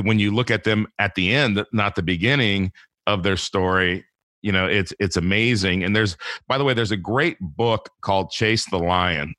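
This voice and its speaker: A man's voice: fairly low pitch, a bit bright, dry recording, clean studio sound. A man talking casually about faith as a podcast guest, rambling with many restarts and fillers.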